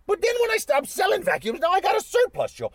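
A cocky, dysfunctional little leprechaun squeaks along at a very high pitch. His voice bounces up and down, and he tags nearly every line with the name of his interviewer. He sounds evasive and pleased with himself. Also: huge pitch swings, fast, heavily acted. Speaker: interview guest.

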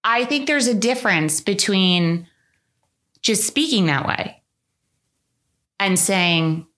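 A middle-aged woman hosts a podcast, telling lively stories in casual conversation and now and then slipping into a mock British accent. Her voice is medium in pitch, and she speaks slowly.

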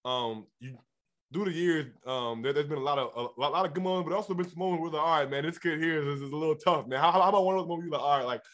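A man hosting a podcast, asking questions in a slangy, animated way and repeating his words as he goes. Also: fairly high pitch, very fast. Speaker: podcast host. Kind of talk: casual chat.

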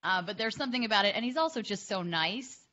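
A woman hosting a sports podcast, upbeat and quick to laugh as she interviews a guest. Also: medium pitch, expressive, sharp tone, highs cut off. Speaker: podcast host.

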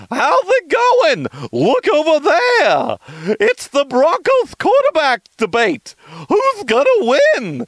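A man putting on a crazy happy male clown voice, shrill and drawn out. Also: dry recording, full character voice. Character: hyper high-pitched male clown, manic.

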